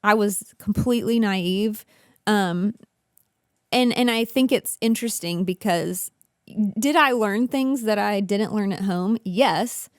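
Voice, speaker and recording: A woman with a middle-pitched voice talks candidly as a podcast guest, animated and direct. She is a former school teacher, and the recording is dry and close. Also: slow, dry recording. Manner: candid and animated, uses y'all. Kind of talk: casual discussion.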